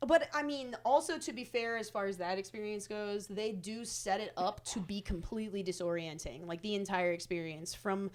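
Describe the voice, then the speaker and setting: A woman hosting a podcast, chatting casually and telling animated stories with quoted voices. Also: medium pitch, normal speed, hardly any pauses. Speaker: podcast host. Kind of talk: casual chat.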